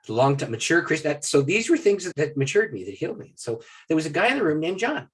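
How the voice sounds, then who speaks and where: In a podcast interview, a man from Maine appears as a guest speaker on prayer and shares personal stories. His voice is on the high side, husky, fast, and sing-song, animated in the telling but dropping to a hush for solemn moments.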